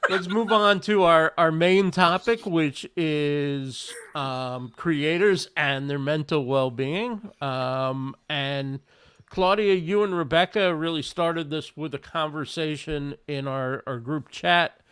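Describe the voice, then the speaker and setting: A man hosting a live panel discussion, a bit halting between thoughts. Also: a little high, fairly bright tone, clear, resonant tone, dry recording. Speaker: host.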